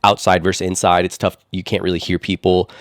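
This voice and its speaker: A man's voice: low-pitched, flat delivery, fast talker, dry recording, studio quality. A man co-hosting a podcast, telling a long story in a rambling way with lots of fillers. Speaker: podcast co-host. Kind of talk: casual podcast chat.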